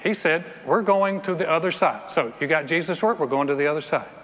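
A man's voice: fairly high pitch, brisk, slight background noise. A middle-aged man preaching a sermon, acting out scenes and joking with the congregation. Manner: animated, acts out scenes, jokes with congregation. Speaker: pastor. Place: church sanctuary. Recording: reverberant hall with faint ambience.

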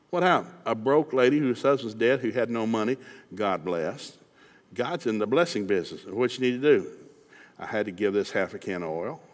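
A man from East Tennessee with a Southern accent, preaching a sermon in a folksy, animated storytelling way, acting out Bible characters with shouted lines. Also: medium pitch. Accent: Southern American. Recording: long hall reverb.

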